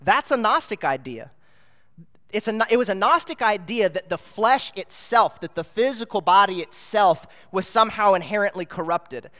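A man delivers a sermon in an earnest, explaining way, pressing his points with emphatic bursts. His voice sits high for a man. The sound rings with the long reverb of a large church hall. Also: animated, moderate pace, bright, forceful tone. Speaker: preacher.

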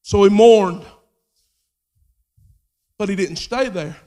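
A man delivers a sermon in a strikingly high voice. He shifts from low, quiet explanation to loud, shouted exhortation. The sound carries a long reverb, as if from a large church hall. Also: takes it slowly. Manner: swings from low intimate talk to shouted preaching. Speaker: preacher.

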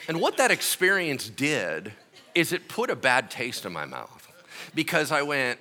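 Animated pastor guy, bright voice, swoops all over telling his story. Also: medium pitch, slow pace, long pauses. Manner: animated, acts out quotes with shouts and laughs. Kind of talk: sermon storytelling.

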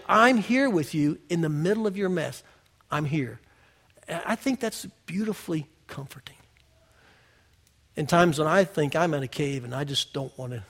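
Male pastor, conversational sermon style, slightly high-pitched, shifts between loud and hushed. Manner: conversational preaching with big swings from loud to hushed; personal storytelling, addressing the congregation directly.

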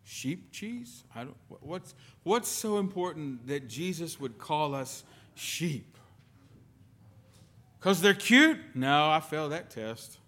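Bright-voiced pastor preaching slowly. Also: male voice, fairly high pitch, very animated. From lived in the United Kingdom. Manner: storytelling with sudden loud and soft swings. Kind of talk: sermon.

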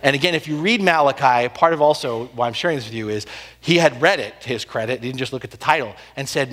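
A man preaching a sermon, telling the story with animated swings between loud and hushed delivery. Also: medium pitch, fast. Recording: long hall reverb.

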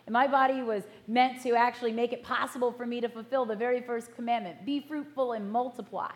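A middle-aged woman pastor giving a sermon in an earnest, measured way, slowing down to stress key words. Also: a little high. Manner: earnest, measured, slows for emphasis.

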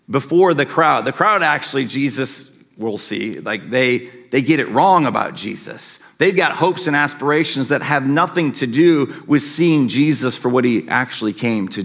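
A man delivers a sermon with earnest, emphatic conviction, pressing his points and then easing back. His voice sits in a middle pitch range for a man. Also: gravelly, a bit bright. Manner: earnest, emphatic preaching with rising and falling intensity. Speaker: pastor.

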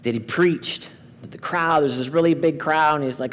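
A man preaches a sermon with a high voice. He swings from loud, emphatic lines to hushed, quiet ones. A long reverb from a large hall trails behind his voice. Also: normal speed. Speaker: pastor.

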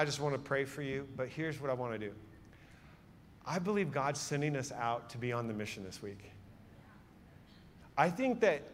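A man's voice: on the high side, slight background noise. Man preaching in an echoing hall. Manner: animated storytelling, swings from loud to hushed. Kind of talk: sermon with storytelling. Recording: long hall reverb.

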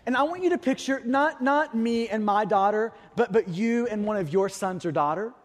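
A man's voice: high-pitched, moderate pace, long reverb tail. A man preaching a sermon, telling a personal story with vivid detail and rhetorical questions to the congregation. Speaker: pastor.

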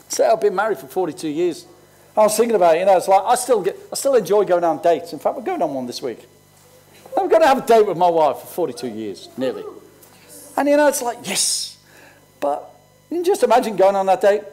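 A man's voice: high-pitched, big pitch swings, a little fast, warm tone. A man in his sixties, a pastor preaching conversationally and telling personal stories. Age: 60s.

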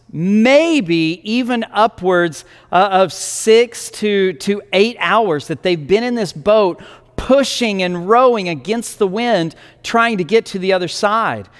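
Slow-speaking high-voiced male pastor. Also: expressive, big-room sound. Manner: storytelling, retelling scripture vividly with many restarts. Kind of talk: sermon.

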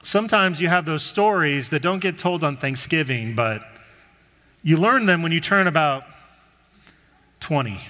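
A man preaching a sermon as pastor, telling stories in a relaxed, conversational way. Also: fairly high pitch, unhurried, pauses often, long reverb tail. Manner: conversational storytelling.

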